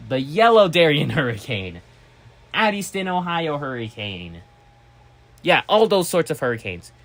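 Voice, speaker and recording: A man chatting casually as a vlogger, excitable and rambling, with restarts and sudden loud outbursts. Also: on the high side, measured pace. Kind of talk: casual vlog chat.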